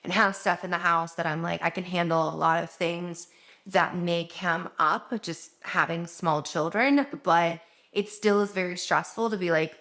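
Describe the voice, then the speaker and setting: Talking from her home in a personal vlog, a doctor opens up while exhausted and close to crying. Her voice sits on the low side and is fairly bright, at a normal speed, and her delivery rambles emotionally with lots of fillers.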